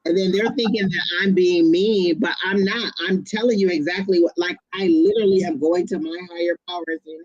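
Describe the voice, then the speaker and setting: A woman's voice: lowish voice, steady tone, brisk, hardly any pauses, a little mellow, no room sound, dull audio. A woman co-hosting a tarot reading show, speaking bluntly and matter-of-factly. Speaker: tarot reader and co-host. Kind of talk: casual live-stream chat.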